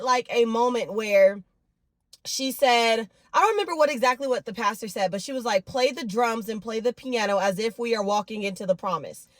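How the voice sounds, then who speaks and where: A woman vlogging casually to camera about her week, her voice hoarse and nearly gone, with expressive bursts of excitement. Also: on the high side, dry recording. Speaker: fitness and faith vlogger. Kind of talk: casual vlog chat to camera.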